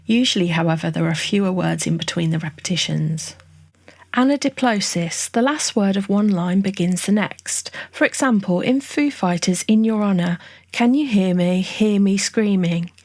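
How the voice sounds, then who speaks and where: A woman giving a scripted songwriting lesson, explaining each term in a clear, measured, list-like way. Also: on the low side, darkish tone, dry recording. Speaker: songwriting tutorial narrator. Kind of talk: scripted educational narration.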